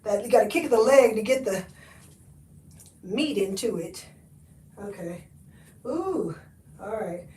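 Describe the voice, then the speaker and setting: A woman with a mid-range voice and lively intonation hosts a live thrift try-on, talking slowly with long pauses in a warm, folksy way, laughing and calling viewers honey and y'all. She's out of breath and keeps stepping away from the camera mic, so her voice often drifts off-mic in an echoey room.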